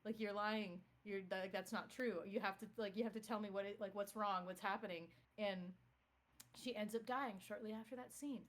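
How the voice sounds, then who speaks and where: A woman's voice: medium pitch, steady tone, moderate pace. A woman on a game stream, casually retelling a show in a rambling way full of fillers and restarts. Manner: rambling, filler-heavy storytelling. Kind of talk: casual chat.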